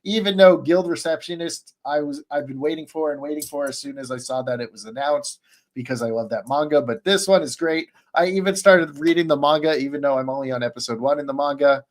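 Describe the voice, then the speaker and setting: Man, slightly high-pitched, rambling, excitable, fillers, streaming-call podcast. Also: brisk. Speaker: podcast panelist. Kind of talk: casual chat, recapping an anime.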